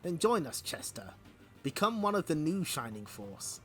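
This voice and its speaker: A man voicing a calm, wise elderly male warrior leader, speaking slow and measured. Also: a little high, soft background music. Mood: solemn.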